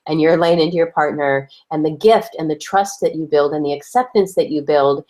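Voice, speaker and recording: A woman co-hosting a relationship advice chat, playful and expressive, slipping into acted-out voices for the lines she quotes. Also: deep voice, a little fast. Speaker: podcast co-host.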